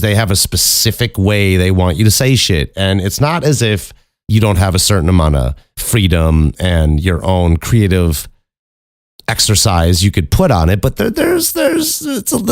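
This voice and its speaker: Man, low voice, dry close sound, casual solo podcast, candid and profane, rambling. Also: no room sound. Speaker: podcast host.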